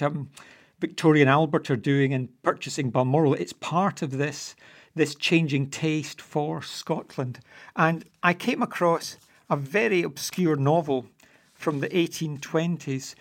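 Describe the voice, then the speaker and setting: A man talking as a guest historian, hesitant and full of stammered restarts. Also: on the high side. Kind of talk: conversational discussion.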